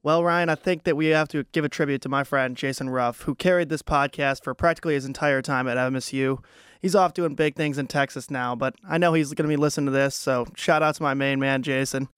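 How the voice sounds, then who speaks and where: A man's voice: medium pitch, fairly even intonation, fairly quick, a bit bright, smooth, dry recording, clean studio sound. A young man hosting a casual sports podcast, chatting with a co-host and thinking aloud through fillers and restarts. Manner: conversational, with frequent fillers and restarts.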